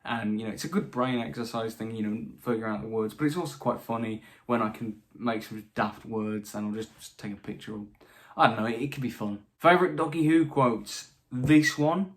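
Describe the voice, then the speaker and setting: A man's voice: on the low side, fairly quick. Chatty young British man. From Britain. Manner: chatty, stumbling restarts, dry asides. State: voice slightly tired late at night. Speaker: channel host answering viewer questions. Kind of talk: casual Q&A monologue.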